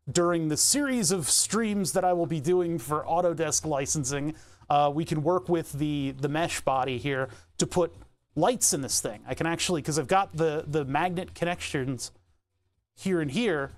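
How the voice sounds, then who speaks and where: A nasal-voiced American man rambling casually to his live-stream viewers while he works, laughing often. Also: on the high side. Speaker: livestreamer.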